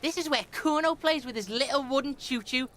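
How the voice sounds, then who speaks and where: A man's voice: extremely high pitch, a little fast, bright, forceful tone, pitched above the performer's own voice. A man voicing a hostile, foul-mouthed street kid from a video game who swears constantly and talks about himself in the third person.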